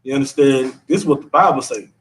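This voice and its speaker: A man's voice: mid-range voice, fast talker, recorded from a distance. A man, teaching a scripture class in a casual, repetitive, slangy way. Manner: conversational, repeats himself, drawling slang.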